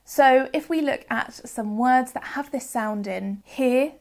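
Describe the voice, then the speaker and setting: A young woman from the UK hosting a phonics lesson, explaining patiently and sounding out examples slowly and clearly. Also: a little high. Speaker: phonics teacher and channel host. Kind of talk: educational video lesson.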